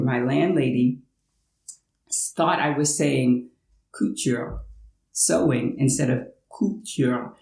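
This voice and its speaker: A woman's voice: deep voice, a little mellow, echoey room, rough recording. An American woman vlogging casually from her home in France, explaining things in a chatty way with playful asides. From United States. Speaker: language-learning vlogger. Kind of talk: casual talking-head vlog.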